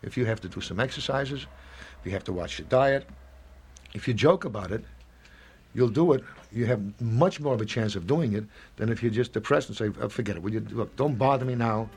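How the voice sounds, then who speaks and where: A man's voice: medium pitch, a little fast, a little mellow, husky. A man in his seventies in an interview, rambling and reflective, acting out little quoted dialogues as he talks. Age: 70s.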